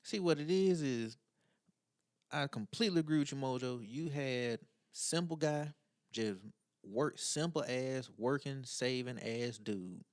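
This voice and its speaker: A man's voice: mid-range voice, measured pace, a little mellow, no room sound, studio quality. A man co-hosting a casual podcast who reads a listener letter aloud and then chats bluntly in slang. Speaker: podcast co-host.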